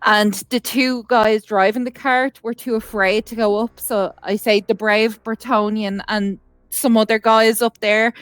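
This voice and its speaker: A woman's voice: a little high, fairly even intonation, measured pace, clear, resonant tone, no echo. A woman playing a tabletop game who tells an event in character with a rambling, hesitant delivery. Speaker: player.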